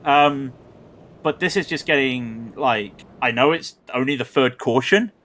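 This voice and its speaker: A man commentating a sim racing event live, excitable and prone to ranting. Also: medium pitch, unhurried, slight background noise.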